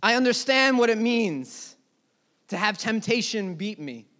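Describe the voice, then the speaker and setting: Young guy preaching, real high voice, goes quiet then loud telling a story. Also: animated, measured pace. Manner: earnest storytelling, dropping soft and rising loud. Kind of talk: sermon.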